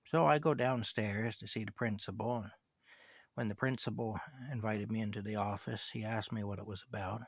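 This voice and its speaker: Older guy rambling through a story, gravelly voice, dry close sound. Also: fairly low pitch, fairly even intonation, moderate pace, dry recording. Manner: rambling, conversational, frequent "anyway" and "you know". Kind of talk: casual personal storytelling.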